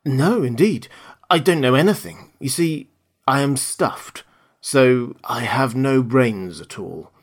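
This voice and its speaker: A man voicing a friendly, simple-hearted male scarecrow in a husky voice, reading a storybook aloud. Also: mid-range voice, expressive, a little slow. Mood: earnest.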